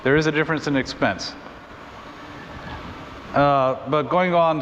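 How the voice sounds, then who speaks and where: A man teaching a church Bible class in a conversational way, thinking aloud with restarts and quick asides. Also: a little high, fairly bright tone. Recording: muffled recording in a reverberant room with faint noise.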